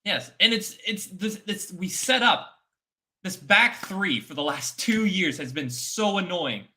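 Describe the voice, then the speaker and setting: A man's voice: high voice, lively intonation, unhurried, pushed and bright. A man giving emphatic, opinionated football takes in a casual chat, repeating his points. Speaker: football fan pundit. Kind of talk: casual post-match chat.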